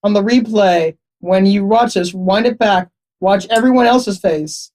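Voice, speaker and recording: A man's voice: high-pitched, measured pace, a little mellow. A man playing in a tabletop game, chatting casually in a playful, jokey way. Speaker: player.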